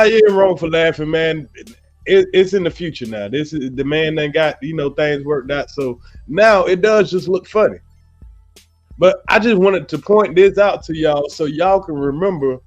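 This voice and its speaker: Man doing stream commentary, slightly high voice, rambling, dull lo-fi sound, faint music. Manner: loose, rambling, heavy on fillers like you know what I'm saying. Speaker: livestream host. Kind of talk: casual livestream commentary.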